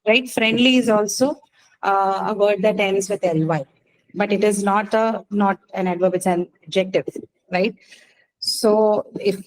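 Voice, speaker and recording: A woman's voice: medium pitch, darkish tone, poor audio. Patient woman teaching English stress rules. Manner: explains patiently, says "right?" often. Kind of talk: online class lecture.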